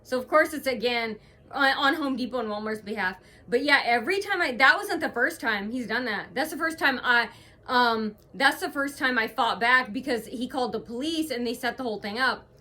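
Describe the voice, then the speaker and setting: Bright-voiced woman, rambling aggrieved vlog. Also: fairly high pitch, lively intonation, brisk. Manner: rambling, aggrieved retelling full of hesitations. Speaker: vlogger. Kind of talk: casual to-camera vlog monologue.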